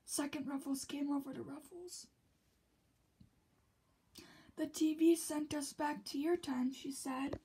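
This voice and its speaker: A woman reading a children's picture book aloud, slipping often into a soft whisper between the characters' lines. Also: sits high, steady tone, normal speed, low-quality recording.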